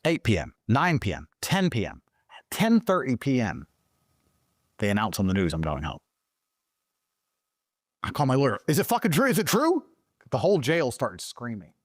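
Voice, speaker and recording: A man's voice: normal speed, pauses often, dry recording, clean studio sound. Profane, emphatic man telling a story. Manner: swears constantly, animated and emphatic; voice jumps higher when excited. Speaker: interview guest.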